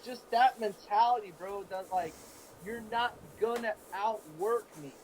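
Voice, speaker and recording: A man's voice: sits high, measured pace, a little mellow, a little hiss or hum, low-quality recording. A man telling sports stories in an earnest, emotional way during a casual talk show. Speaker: co-host.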